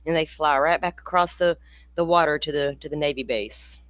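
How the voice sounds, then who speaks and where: A woman's voice: low voice, moderate pace, fairly bright tone, no room sound. An older Florida woman, hosting a casual livestream and chatting with viewers by name, laughing and swearing freely. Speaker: true crime channel host.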